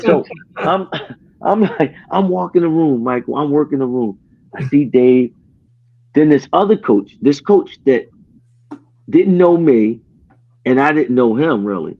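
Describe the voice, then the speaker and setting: Gravelly, husky man telling stories. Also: fairly high pitch, a little slow, long pauses, phone-quality sound. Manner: animated, acts out quoted dialogue, frequent restarts. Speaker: podcast host. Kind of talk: casual storytelling chat.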